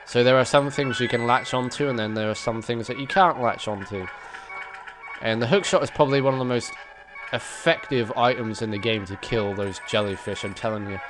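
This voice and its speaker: A man's voice: mid-range voice, a little fast, low-quality recording. A man casually commenting on his gameplay, chatty and rambling with frequent chuckles, his nose stuffy. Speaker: let's play gamer. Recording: game music playing behind.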